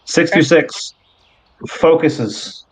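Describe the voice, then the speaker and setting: A man's voice: on the high side, drawn-out words, slightly rough, low-quality recording. Laid-back male game master narrating. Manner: relaxed storytelling with fillers.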